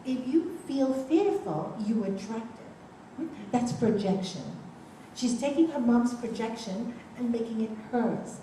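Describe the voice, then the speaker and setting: A woman's voice: fairly high pitch, animated, takes it slowly, warm tone. An older woman teaching yoga and meditation, telling stories and asking her listeners rhetorical questions. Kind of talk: spiritual teaching talk with anecdotes. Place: large room, talk to a group. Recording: very echoey room, voice from far off, faint background noise.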